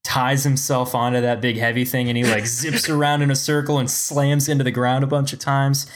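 A man's voice: mid-range voice, little pitch movement, brisk. Puzzled questioning man in casual chat. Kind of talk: casual movie review chat.

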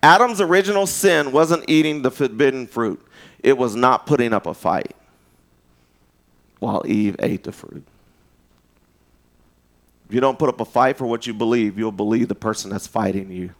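A man preaching a sermon in an animated, storytelling way, jumping up in pitch when he acts out quoted voices, speaking. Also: normal speed, pauses often.

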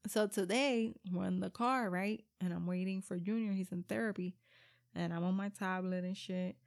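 A woman in her thirties with a Puerto Rican accent, chatting casually and telling animated family stories with plenty of swearing. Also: medium pitch, moderate pace, gravelly. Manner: animated storytelling, acts out kids' voices, swears freely, mixes Spanish. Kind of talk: casual chat.

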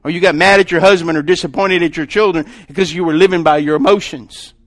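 A man, preaching a sermon as pastor, emphatic, swinging from loud calls to hushed storytelling. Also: a little high, fairly even intonation, fast.

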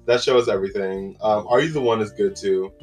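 A man talks through a casual solo podcast in a lowish voice, drifting from thought to thought with plenty of fillers and sudden exclamations. Soft guitar music plays faintly behind him. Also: a little fast. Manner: rambling, chatty, with many fillers and exclamations. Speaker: podcast host.

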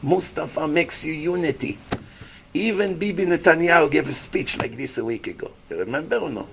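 A man giving a lively sermon as a rabbi, acting out little scenes and asking his listeners questions. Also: fairly high pitch, a little fast, vocal fry, a little hiss or hum. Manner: animated preacher, acts out voices, asks the audience questions. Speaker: rabbi giving a Torah class.

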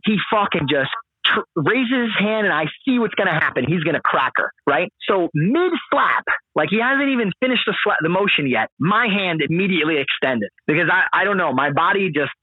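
This husky, high-voiced man, late 20s or older, tells a wild podcast story at a brisk clip, cursing a lot and leaning heavily on fillers in an animated, casual way. The line is dry and phone-like, without echo.

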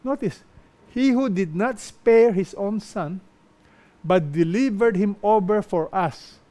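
A middle-aged man preaching a sermon, slow and emphatic, with frequent pauses between short phrases. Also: high-pitched, warm tone.

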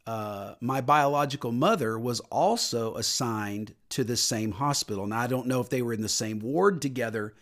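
A middle-aged man hosting a faith podcast as a minister. He talks earnestly at a mid pitch, lifting his voice when he preaches and going quiet and low when he tells personal stories. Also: moderate pace, few pauses. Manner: earnest preaching, rises on scripture and drops low for personal story. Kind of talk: podcast sermon talk.

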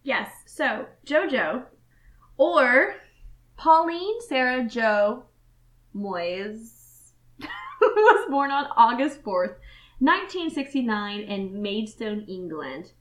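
A woman's voice: a little high, sing-song, extremely slow, a bit bright, rough recording. A woman co-hosting a casual book podcast over drinks, giggling often and swearing offhandedly. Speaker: podcast co-host.

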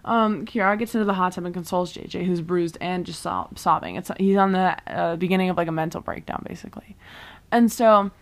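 A young woman casually recapping a TV season, chatty and full of fillers, quickly acting out the characters' lines as she goes. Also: fairly low pitch, steady tone. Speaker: vlogger recapping a TV show.

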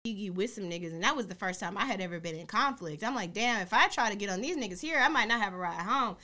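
Woman, young adult, podcast co-host, bright clear voice, animated storytelling, lots of swearing. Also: mid-range voice, fast. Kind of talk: casual chat.

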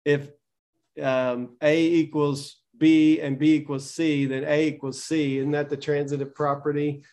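A man's voice: fairly high pitch, flat delivery, unhurried, darkish tone. Wry, joking man from the American South. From Southern United States. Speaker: podcast co-host, churchgoer. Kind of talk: casual chat.

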